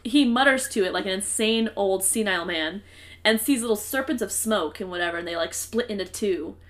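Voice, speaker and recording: Casual woman co-host, chatty and meandering, mid-pitched voice. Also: brisk, a bit bright. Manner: chatty, filler-heavy, trails off mid-thought. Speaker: podcast co-host. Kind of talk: casual chat, recapping a book.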